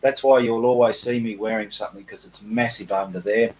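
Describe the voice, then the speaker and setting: A man's voice: fairly low pitch, steady tone, fairly quick, darkish tone, low-quality recording. Chatty Australian man hosting a live Q&A. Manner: chatty, self-deprecating, reads comments aloud. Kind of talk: casual live-stream chat, reading viewer comments.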